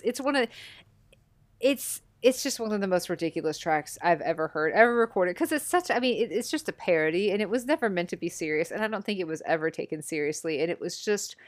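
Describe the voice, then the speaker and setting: A young woman hosting a podcast, chatty and self-mocking with quick asides. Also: lowish voice, dry recording. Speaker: podcast host. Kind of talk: casual chat.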